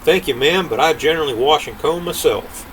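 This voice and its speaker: A man's voice: a little high, fairly quick, far from the mic, a little hiss or hum, close to an everyday voice, poor audio. An older grandfather reading aloud, voicing a cocky, sly young man in a folksy drawl. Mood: polite. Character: clever young male trickster, cocky and sly.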